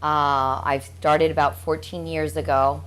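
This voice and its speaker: A woman with a low voice explains her hotel ministry at an unhurried pace. She answers in a plain, matter-of-fact way. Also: level tone, a bit bright, smooth. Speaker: hotel owner and ministry leader. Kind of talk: interview answers.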